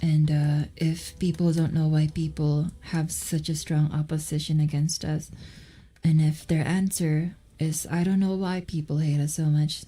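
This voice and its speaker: A woman's voice: sits low, little pitch movement, unhurried, mellow, husky. A woman casually chatting while she draws, rambling and muttering asides as she answers questions from chat. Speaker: streamer drawing while chatting.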